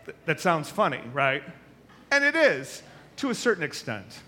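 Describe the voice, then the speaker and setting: Animated male pastor preaching. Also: fairly high pitch, normal speed. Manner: animated storytelling, acts out voices. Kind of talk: sermon.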